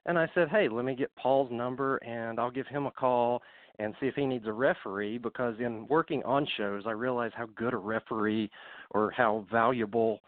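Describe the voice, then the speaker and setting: A man's voice: medium pitch, normal speed, no echo. A man from Middle Tennessee, telling wrestling stories as a podcast guest, slightly out of breath, chatty with many fillers. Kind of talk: casual storytelling on a call. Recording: dry, phone-like call audio.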